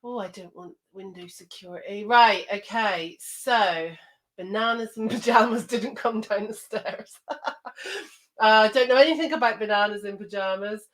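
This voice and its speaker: A woman's voice: mid-range voice, moderate pace, a bit bright. A woman co-hosting a podcast, chatting casually, hopping between topics and laughing often. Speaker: podcast co-host. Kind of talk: casual chat.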